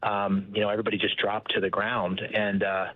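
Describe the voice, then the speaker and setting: A former military man recalls events in an interview, halting and leaning on fillers as he speaks. His voice is low and husky, coming through a tinny phone line. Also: flat delivery, dry recording. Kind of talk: broadcast interview recollection.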